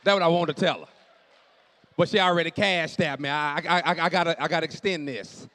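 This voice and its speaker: A man doing stand-up comedy in a church, telling stories with animated delivery, acting out dialogue and shouting punchlines to a live audience. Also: a little high, a little fast.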